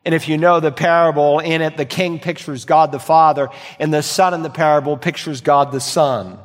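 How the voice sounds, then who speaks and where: A male pastor preaching a sermon, swinging from loud emphatic lines to quiet, low asides. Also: steady tone, moderate pace, long reverb tail.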